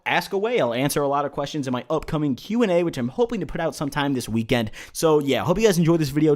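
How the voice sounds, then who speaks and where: A young man recounting his own story on his vlog in a casual, joking manner, swearing freely. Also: on the high side. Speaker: YouTuber.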